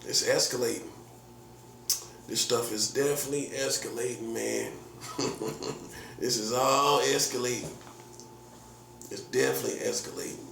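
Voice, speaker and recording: A man's voice: medium pitch, steady tone, normal speed, creaky, pauses often, a bit bright. A man in his forties, a prophet, ranting casually in slangy, repetitive, boastful talk. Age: 40s. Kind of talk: casual vlog rant. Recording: echoey room with faint hum.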